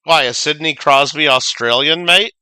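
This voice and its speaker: A man's voice: fairly high pitch, moderate pace, bright, forceful tone, smooth, no echo, clean studio sound. A man streaming a video game, chatting casually, reading viewer comments aloud and swearing now and then. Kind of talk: casual livestream gaming chat.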